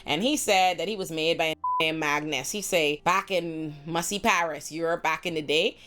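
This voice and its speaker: A woman recapping a TV show in casual, profane, animated speech, slipping into mocking voices for the characters. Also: low voice, moderate pace. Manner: animated, profane, mimics characters in quoted bits. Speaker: pop culture commentator.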